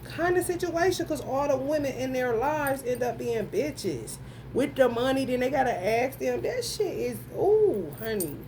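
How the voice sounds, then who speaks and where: A woman with a high voice talks slowly and deliberately through a casual astrology reading. She is blunt and profane, calling out to her viewers and breaking into exclamations. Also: expressive, darkish tone, a little hiss or hum. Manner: blunt, profane, emphatic, addresses viewers directly; breaks into frequent laughter and exclamations. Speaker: tarot reader.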